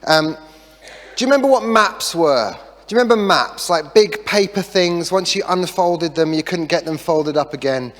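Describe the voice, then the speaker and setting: Middle-aged pastor with a chatty, joking sermon. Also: male voice, a little high, normal speed. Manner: chatty, self-deprecating humour, lively asides. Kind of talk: sermon with storytelling. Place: church hall. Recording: long reverb of a church hall.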